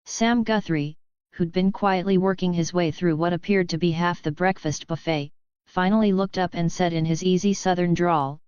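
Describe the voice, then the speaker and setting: A woman narrates an audiobook in a steady, even reading. Her voice is low and smooth. The recording is dry and a little dull. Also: moderate pace, dry recording. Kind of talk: scripted narration.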